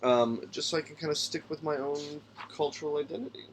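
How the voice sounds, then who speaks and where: A man's voice: a little high, steady tone, fairly quick, slight background noise. Man musing aloud over a rulebook. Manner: musing aloud, reading rules passages, stumbling over names. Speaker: tabletop game podcast host. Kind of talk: casual solo character-building talk.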